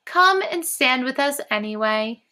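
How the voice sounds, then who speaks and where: Gentle kind possum a woman reads, slow, soothing. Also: high voice, lively intonation, slight background noise, full character voice.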